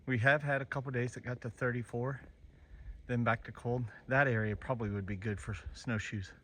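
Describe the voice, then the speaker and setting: A chestnut farmer, a man, out of breath as he trudges through deep snow outdoors and explains his orchard in a plainspoken, casual way. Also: steady tone, fairly quick, pushed and bright. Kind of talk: casual walking vlog narration. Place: outdoors in a snowy hillside orchard.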